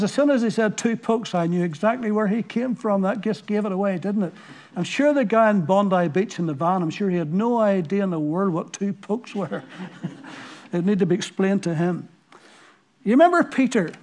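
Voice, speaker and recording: A man from Northern Ireland, with a high-pitched, slightly mellow voice, preaches a sermon. He tells stories and puts earnest rhetorical questions to his listeners.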